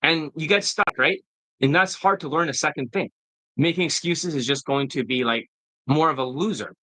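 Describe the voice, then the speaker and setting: A man's voice: fairly high pitch, moderate pace, bright, forceful tone, no echo, low-quality recording. A man who works as a dating coach, giving a profane, combative and mocking monologue in a casual style.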